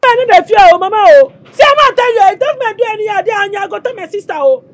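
An actress with a Nigerian Pidgin accent playing a brash, boastful daughter in a Nollywood film. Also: female voice, very high-pitched, animated, fast. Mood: defiant. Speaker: daughter on the phone with her mother.

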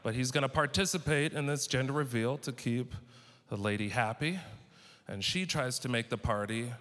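A man from San Diego performing an animated stand-up comedy set, acting out quotes as he tells stories. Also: medium pitch, moderate pace. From San Diego, California. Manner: animated, punchy storytelling with acted-out quotes. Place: stage at a live comedy show. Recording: live venue with long reverb, faint noise.

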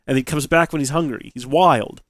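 A man's voice: fairly high pitch, brisk, no room sound, studio quality. A man hosting a let's play, telling a rambling story from his recording desk at home. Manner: chatty, rambling, rising excitement in anecdotes. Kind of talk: casual storytelling to viewers.

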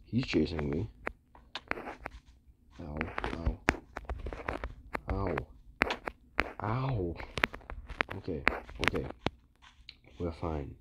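Casting note: a man with a very low voice, slow and unhurried, giving casual gameplay commentary over loud noise from a phone. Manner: mumbled, excitable outbursts and groans. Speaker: gamer. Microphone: phone screen recorder mic.

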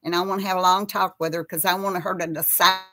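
A woman's voice: lowish voice, level tone, fast, bright, forceful tone. A woman hosting a casual live chat, talking with viewers and reading out their names. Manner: chatty, reads out viewer names.

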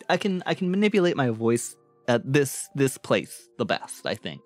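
A man chatting casually on a live stream, playful and quick to laugh, shifting his voice from bright to low. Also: very animated, soft background music.

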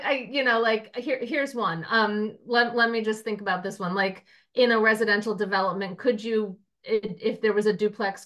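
A woman town councilor asking a question at a committee meeting, thinking aloud with halting restarts. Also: medium pitch, a bit bright.

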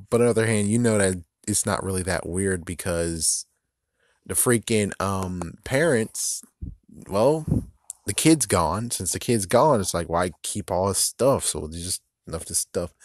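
A man's voice: low voice, normal speed, no room sound, clean studio sound. A man giving a casual, rambling recap of a TV episode, laughing often and slipping into raised voices to mimic the characters. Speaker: video commentator.

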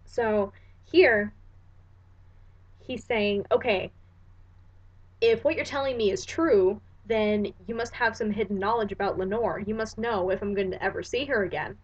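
A woman recites a poem with theatrical weight, then drops into relaxed, slangy commentary to explain each verse. Her voice sits at a middle pitch for a woman, and the recording is dull and lo-fi, as if captured at home. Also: unhurried, husky. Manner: slangy, conversational asides between recited verses. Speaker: poetry explainer.

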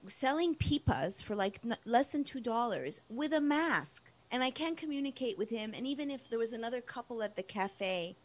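A woman's voice: on the high side, expressive, normal speed, few pauses, low-quality recording. A woman journalist as a guest on a casual live-stream talk show, talking in a rambling way with many restarts.

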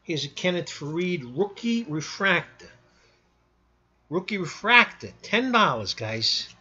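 Man, casual sales pitch, blunt and salty, higher voice, lo-fi home video. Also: very animated, measured pace, pushed and bright, breathy edge. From New York. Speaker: sports card seller.

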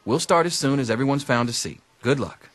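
An actor playing a dry middle-aged teacher who speaks wryly and matter-of-fact. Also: male voice, mid-range voice, animated, brisk, fairly bright tone.

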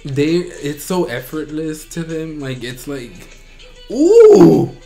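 A man hosting a reaction video, gushing with excitement and often breaking into shrieks and squeals. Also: on the high side, a little slow, soft background music. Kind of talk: excited fan reaction commentary.

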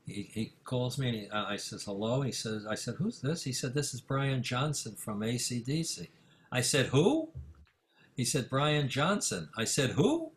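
A man's voice: mid-range voice, moderate pace. Older man spinning a rambling anecdote. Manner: rambling, many fillers, acts out dialogue with rising excitement. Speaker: music manager guest. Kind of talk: anecdotal storytelling in an interview. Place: office in Manhattan.

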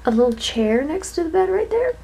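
A woman's voice: extremely high pitch, big pitch swings, brisk, creaky, mellow, slight background noise. A tired young woman chatting casually as she vlogs a tour of a small hotel room, with self-deprecating asides. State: tired and yawning. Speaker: vlogger.

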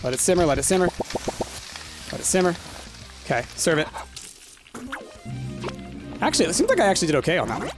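A man commentating on his own gameplay, his voice sitting high and swinging widely between low grumbles and squeaky outbursts. He is self-deprecating and excitable and talks straight to his viewers. Clear game music plays behind him. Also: a little fast, pauses often. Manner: excitable, frequently yelps in frustration. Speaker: gaming commentator. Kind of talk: let's-play commentary.

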